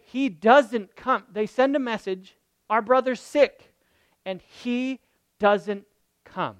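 A man preaching a sermon, asking his congregation questions and swinging from loud to very quiet. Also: sits high, clear, resonant tone, dry recording. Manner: talks straight to the congregation with questions. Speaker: pastor.

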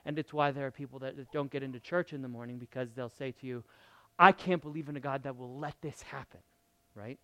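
A man preaching a sermon, asking his congregation questions and swinging from loud to very quiet. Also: mid-range voice, fairly even intonation, brisk, no echo. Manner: talks straight to the congregation with questions. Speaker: pastor.

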